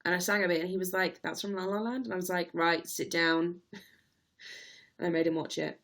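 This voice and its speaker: Young woman, casual chatty livestream host, slightly low voice, laughs easily. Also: steady tone, quick pace, gravelly, a bit bright. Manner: chatty, laughs readily, reads out viewer comments.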